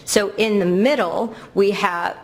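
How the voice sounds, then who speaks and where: A woman's voice: mid-range voice, measured pace, gravelly. A woman giving an academic lecture, thoughtful and explanatory, often restarting and correcting herself mid-sentence.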